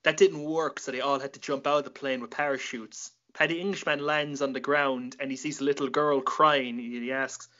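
A man's voice: medium pitch, steady tone, normal speed, few pauses, pushed and bright. Swearing Irish guy on dull lo-fi audio. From Ireland. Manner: swears freely, laughs at his own jokes. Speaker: podcast host. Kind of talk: casual late-night chat.

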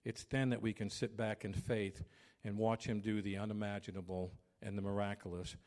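A man in his fifties preaching a sermon as pastor, loud by habit and acting out household arguments with animated storytelling. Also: on the low side, moderate pace.

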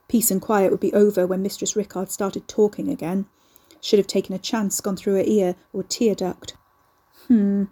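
Brief: woman audiobook narrator, warm, mellow tone, slightly husky, measured delivery. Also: mid-range voice, flat delivery.

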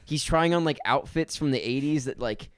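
A man's voice: medium pitch, moderate pace, dry recording. A man co-hosting a casual podcast and reviewing a movie, telling wry, profane stories about how bad it was. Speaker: podcast co-host.

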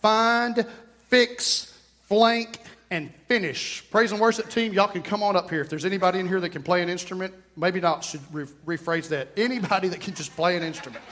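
A man's voice: sits high, moderate pace, big-room sound. A man, preaching a sermon in a church and calling the congregation to respond. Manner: animated preaching with call-and-response. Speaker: pastor. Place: church sanctuary.

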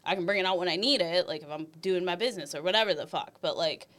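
A young woman speaking as a podcast guest in relaxed, casual chat. She talks candidly and with profanity, and laughs often between her points. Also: fairly low pitch, fast.

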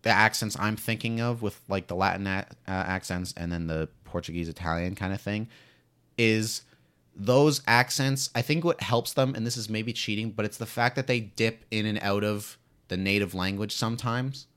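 A man's voice: on the low side, moderate pace, fairly bright tone, smooth. A man co-hosting a podcast in casual chat, thinking aloud and repeating his phrases. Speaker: podcast co-host.

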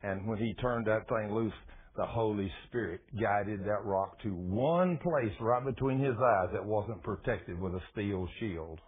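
A man preaching a sermon in a folksy, animated storytelling manner. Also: fairly low pitch, measured pace, slightly rough. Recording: tinny phone-like radio broadcast.

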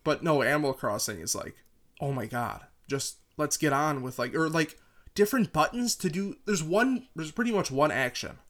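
A man's voice: fairly high pitch, expressive, moderate pace, fairly bright tone. A man co-hosting a casual podcast chat, rambling and sweary, prone to playful rants. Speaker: podcast co-host.

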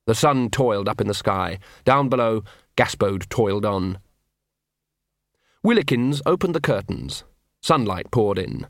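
A man's voice: fairly low pitch, very animated, unhurried, pauses often, dry recording. A man narrating a comic fantasy audiobook in a dry storytelling manner. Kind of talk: scripted narration.

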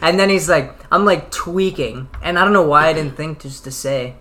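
A man's voice: on the high side, normal speed, bright, forceful tone. A man telling a rambling story in casual chat, laughing often and filling his speech with "like".

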